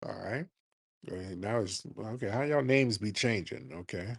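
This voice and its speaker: A man's voice: lowish voice, unhurried, creaky, slightly rough, dry recording. A man hosting a live call-in talk show, brash and blunt, mocking his callers. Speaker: host.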